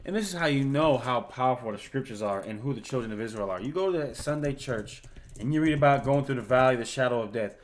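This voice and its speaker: A man's voice: medium pitch, quick pace, a little hiss or hum, rough recording. A man co-hosting a livestream Bible class, reading verses aloud and commenting bluntly, with profanity. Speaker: co-host reading scripture.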